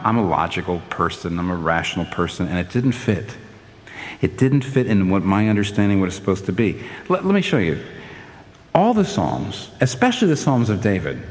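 An older man preaching a sermon in an animated way, his voice climbing to emphatic peaks, with frequent restarts. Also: mid-range voice, long reverb tail.

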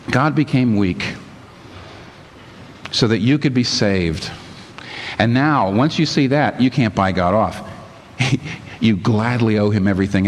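A man's voice: fairly low pitch, a little hiss or hum. Man preaching in a reverberant church. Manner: lively preaching, reads passages aloud with rising emphasis. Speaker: pastor. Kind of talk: sermon.

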